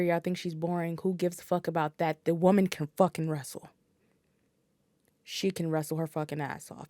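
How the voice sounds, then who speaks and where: A woman talking as a podcast guest in casual, blunt chat, swearing freely and filling pauses as she thinks. Her voice sits a little low, and the recording is dry and close, with no room sound. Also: no room sound. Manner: blunt and profane, with frequent fillers.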